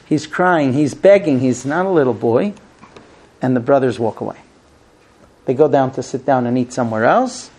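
A middle-aged man giving an informal Torah class, telling the story with lively acted-out dialogue. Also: moderate pace, slightly rough. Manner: animated storyteller, acts out quoted speech with high pleading voice. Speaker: rabbi teaching the weekly Torah portion.

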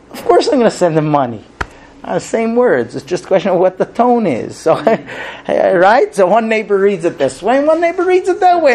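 A man teaching a religious class to a live audience, telling stories and acting out the characters with big jumps in his voice. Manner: animated storyteller, acts out characters with big pitch jumps. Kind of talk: Torah class with told stories.

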